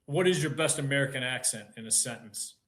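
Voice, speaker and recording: Bright-voiced playful older man host. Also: mid-range voice, fairly quick. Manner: playful, teasing, jokey questions. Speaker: podcast host. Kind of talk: casual interview chat.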